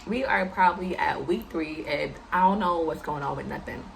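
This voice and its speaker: A woman in her twenties in casual storytime chat to camera, animated, jumping in pitch and talking straight to her viewers. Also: normal speed, gravelly, slight background noise. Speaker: vlogger telling a personal story.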